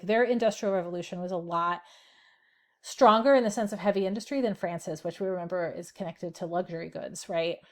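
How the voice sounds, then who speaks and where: A woman teaching a history lesson in a casual, chatty way, with many ums and "right?" tag questions. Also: medium pitch. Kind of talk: casual classroom lecture.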